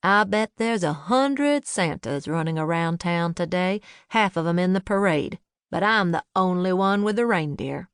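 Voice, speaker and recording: A woman's voice: on the low side, expressive, normal speed, clear, resonant tone, no room sound, clean studio sound. A woman voicing an easygoing, cheerfully stubborn older father who loves a prank. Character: jovial older Southern father, playful prankster.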